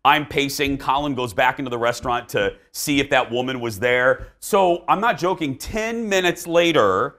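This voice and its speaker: A man's voice: medium pitch, lively intonation, moderate pace, few pauses, a bit bright. A man hosting a talk show, telling a story in casual chat and acting out the dialogue.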